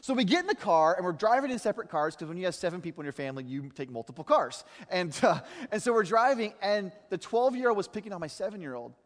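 Animated male pastor in a reverberant hall. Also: sits high, fast talker, few pauses. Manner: animated storytelling, mimicking voices. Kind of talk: sermon.

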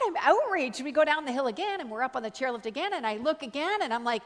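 Canadian lady preacher, high voice, chatty and animated, big echoey hall. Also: quick pace, hardly any pauses. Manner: animated, chatty, full of "like" and "uh", acts out quotes in higher voice. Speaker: guest preacher. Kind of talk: storytelling sermon. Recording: long reverb of a large hall.

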